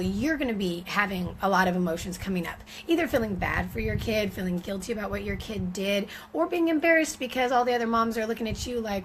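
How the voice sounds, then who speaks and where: A woman's voice: medium pitch, quick pace, hardly any pauses, a little hiss or hum, rough recording. A woman giving an informal teaching talk on parenting, speaking conversationally with frequent fillers and restarts.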